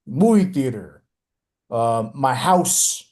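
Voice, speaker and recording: Mellow rambling sports podcast man. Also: mid-range voice, expressive, takes it slowly. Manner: rambling, hesitant, restarts and filler. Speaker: podcast host. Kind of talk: casual sports chat.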